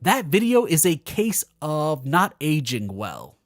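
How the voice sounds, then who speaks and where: Sarcastic male commentary narrator, lively pitch. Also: takes it slowly, no room sound. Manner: sarcastic, mocking asides. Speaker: video commentator.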